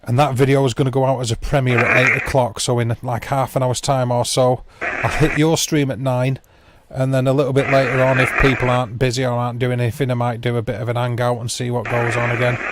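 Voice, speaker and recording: This man talks fast, with hardly any pauses, in a level, medium-pitched voice while hosting a livestream. He chats casually and rambles with viewers by name, mocking himself dryly. The recording carries loud background noise.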